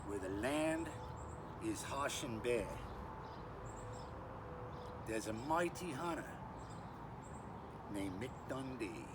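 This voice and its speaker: A man's voice: mid-range voice, lively intonation, slow, long pauses, very noisy. A man voicing a brash outback crocodile hunter in a put-on Australian accent mixed with British, giving a boisterous sing-song introduction in rhyme. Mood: cocky.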